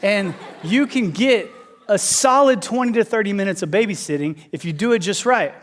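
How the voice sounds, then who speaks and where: A man in his thirties preaching a sermon as pastor, telling animated, conversational stories. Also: high voice, normal speed.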